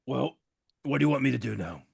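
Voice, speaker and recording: A man taking part in a tabletop game, with a gravelly voice at a middle pitch. He speaks his character's lines bluntly and sternly. The recording is dry, with no echo. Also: expressive, fast talker. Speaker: player.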